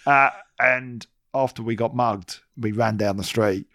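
A man's voice: mid-range voice, steady tone, a little slow, a bit bright, dry recording, studio quality. A man co-hosting a podcast, telling self-deprecating stories in casual chat. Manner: self-deprecating anecdote telling, laughs often. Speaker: podcast co-host.

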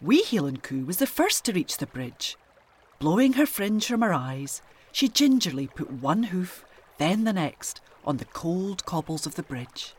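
A woman reading a children's story aloud in an expressive storyteller's manner. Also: fairly low pitch, unhurried, breathy edge.

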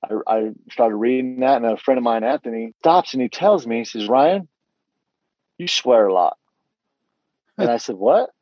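A man's voice: mid-range voice, expressive, moderate pace, pauses often, no room sound, highs cut off. A middle-aged man giving a candid personal testimony, telling his story earnestly with frequent restarts and quoted dialogue.

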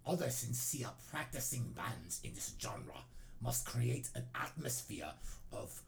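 A man voicing a grimly serious male black metal bassist in a low, hushed, solemn way. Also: very animated, a little slow, creaky.

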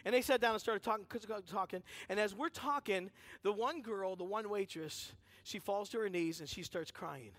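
A man with a notably high-pitched voice preaches from a church stage. He tells his story in an energetic, chatty way, slipping into the voices of the people he describes. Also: moderate pace, hardly any pauses. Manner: energetic and conversational, acts out dialogue in the story. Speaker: guest speaker at a church service. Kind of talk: animated sermon storytelling. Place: church sanctuary.

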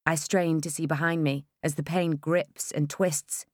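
Female audiobook narrator, wry expressive first-person read, lower register. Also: unhurried, no echo, studio quality.

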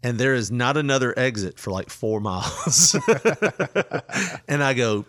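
Middle-aged man, casual storyteller, laughs a lot, acts out quotes, mid pitch. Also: a little slow, fairly bright tone. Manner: laughing often, retelling with quoted voices.

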